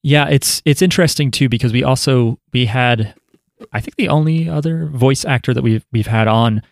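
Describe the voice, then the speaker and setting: A man's voice: medium pitch, normal speed, gravelly, no echo, studio quality. A man hosting a podcast, loose and joking, swearing casually. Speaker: podcast host.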